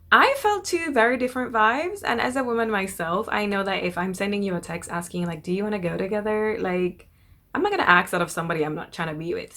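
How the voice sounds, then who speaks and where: A young woman casually recapping a TV episode, chatty and animated, quoting the characters in quick bursts. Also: medium pitch. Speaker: TV episode reviewer.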